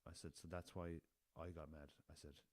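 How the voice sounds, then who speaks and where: With a very deep, level voice that's a little mellow, an Irish podcast host rambles his way through a story at a moderate pace, cursing freely and addressing the listeners as lads. The recording has no echo and was made with a podcast recorder and laptop.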